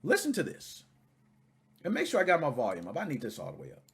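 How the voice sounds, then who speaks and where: A man hosting a video reaction, talking casually in an animated, profane, indignant way. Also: a little high, quick pace.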